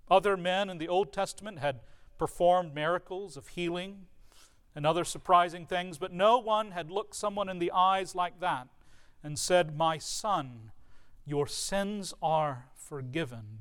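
A man's voice: high-pitched, fairly bright tone, smooth. A man preaching a sermon to his congregation, earnest and emphatic, with rhetorical questions. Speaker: pastor.

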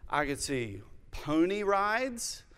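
A man in his thirties preaching a sermon as pastor, measured and reflective, telling personal stories. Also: fairly high pitch, very animated, fairly bright tone, clean tone. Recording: long reverb of a large hall.

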